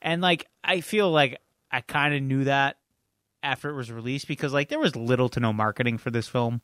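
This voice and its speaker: A man's voice: mid-range voice, a little fast, fairly bright tone, no echo, clean studio sound. A man co-hosting a podcast, chatty and joking as he gives his opinions. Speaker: podcast co-host. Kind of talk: casual chat.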